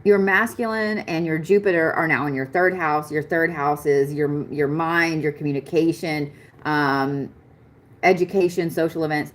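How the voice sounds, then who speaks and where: Low-voiced chatty woman reading astrology. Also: moderate pace. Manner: chatty, excitable, swears casually. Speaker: astrology reader. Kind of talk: live-stream astrology reading.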